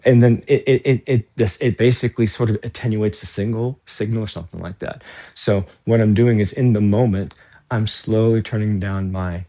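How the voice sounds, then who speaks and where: A man's voice: on the low side, normal speed, dark tone. A man talking casually while he stretches, rambling and correcting himself, a little winded from the exercise. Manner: rambling, self-correcting, breathy exclamations. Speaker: vlogger doing stretching exercises.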